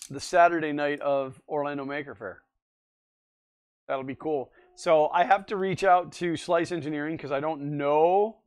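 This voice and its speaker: A man's voice: a little high, smooth. A man hosting a casual livestream, chatting in a rambling way and answering viewers' comments as he goes. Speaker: livestream host.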